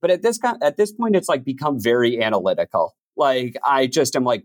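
A man's voice: mid-range voice, lively intonation, fairly quick, hardly any pauses, no echo. Casual reflective man, dry sound. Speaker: podcast host and narrator. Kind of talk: interview conversation.

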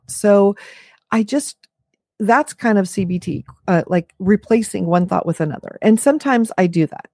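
Middle-aged female podcaster, earnest and conversational, mid pitch, dry close sound. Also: expressive, moderate pace, darkish tone, dry recording. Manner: earnest, conversational, talks things through with fillers. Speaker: podcast host. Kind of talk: casual advice monologue.

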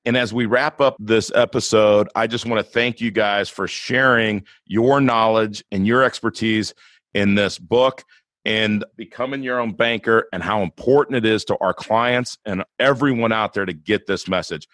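A man's voice: lowish voice, normal speed, a bit bright, no room sound. A man hosting a podcast in a casual, earnest and enthusiastic way. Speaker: podcast host.

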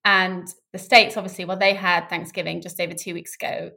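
Woman with a creaky voice. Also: lowish voice, a little fast. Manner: candid, animated, laughs easily. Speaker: scientist guest. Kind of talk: casual explanatory conversation.

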